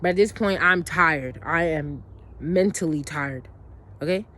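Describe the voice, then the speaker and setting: This woman has a deep, slightly bright voice and talks a little slowly. She rambles through a long personal story in a casual monologue, full of restarts and asides, cursing freely and speaking bluntly and emotionally.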